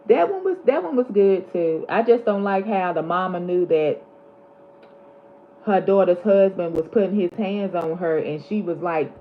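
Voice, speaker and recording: A woman, chatting casually on her vlog and animatedly retelling movie scenes. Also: low-pitched. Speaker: vlog host. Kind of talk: casual chat. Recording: slightly dull lo-fi audio with faint background hiss.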